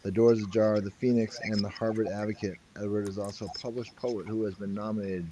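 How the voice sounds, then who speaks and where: A man's voice: fairly low pitch, level tone, a little fast, mellow, a little hiss or hum. A man co-hosting a casual online show, making dry jokes and reading a bio aloud.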